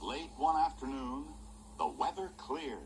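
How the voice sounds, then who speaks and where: A man's voice: on the high side, unhurried, vocal fry, background noise. A man voicing a folksy old male mouse who narrates a cartoon special in a homespun storytelling way. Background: loud music score.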